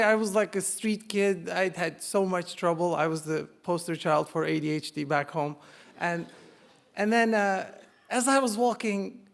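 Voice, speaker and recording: A man in his forties from Turkey with a Turkish accent, telling a funny personal story live on stage, self-mocking and building to punchlines. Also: sits high. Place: live stage before an audience.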